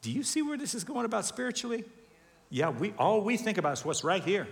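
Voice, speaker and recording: A man preaching a sermon to a congregation, animated, asking questions and acting out voices. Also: high-pitched, fast talker, vocal fry. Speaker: pastor. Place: large church hall with congregation. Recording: long hall reverb.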